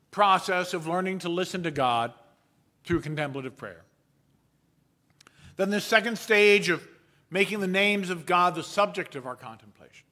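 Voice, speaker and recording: A man preaching a sermon as a pastor, with a measured storytelling delivery and playful asides. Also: high-pitched, sharp tone.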